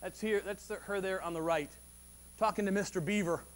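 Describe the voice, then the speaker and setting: A male pastor delivers a Sunday sermon in a conversational, animated way, often restarting his phrases. His voice sits high for a man, and it climbs and swells as he builds toward a point. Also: brisk. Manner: animated and conversational, with frequent restarts and rising emphasis. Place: church service.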